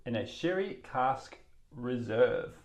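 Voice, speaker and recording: Podcast co-host, New Zealand man, lively swooping delivery, wry banter, roomy echo on the recording. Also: mid-range voice, slow pace. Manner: animated, wry, teasing. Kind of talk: casual chat over whiskey tasting.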